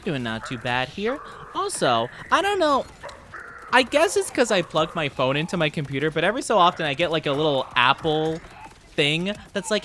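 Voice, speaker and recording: A chatty streamer talks casually through a game session and keeps laughing along with the chat. The voice is bright and very animated in pitch, with faint noise behind it. It is picked up by a desk microphone. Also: moderate pace. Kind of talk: casual gameplay commentary.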